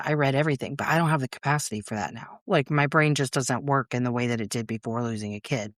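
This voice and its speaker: This low-voiced woman hosts a podcast by herself, captured at studio quality without any room sound. She's casual and blunt, swears a lot, and dramatizes what's going on in her head through small quoted asides.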